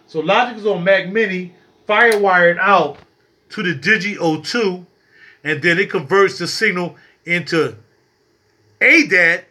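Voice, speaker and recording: A man's voice: sits high, bright, forceful tone. A man casually showing off his home recording studio to viewers, joking and rambling as he talks. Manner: loose, joking, rambling, addresses viewers as y'all. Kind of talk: casual vlog tour.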